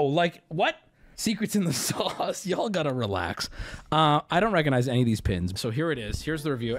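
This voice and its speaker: High, lively-voiced young male streamer. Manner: blunt, profane, laughs often. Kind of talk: casual live-stream reaction.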